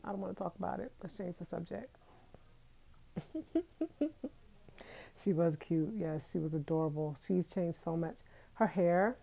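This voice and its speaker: A woman's voice: lowish voice, gravelly, mellow. A woman in her thirties hosting a casual live stream from her bedroom, chatty and talking straight to her viewers. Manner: chatty, talks straight to viewers, laughs often. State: itchy nose from allergies. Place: bedroom at home.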